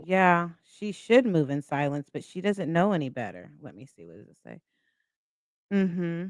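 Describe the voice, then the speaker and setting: A woman's voice: fairly low pitch, big pitch swings, normal speed, dry recording. A woman hosting a casual live stream, chatting and reading viewer comments aloud.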